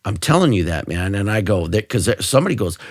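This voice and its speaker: A man's voice: lowish voice, fast, no room sound, clean studio sound. A middle-aged man hosting a casual interview podcast, telling stories and acting out quoted dialogue. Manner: animated storyteller, acts out quoted dialogue. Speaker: podcast host.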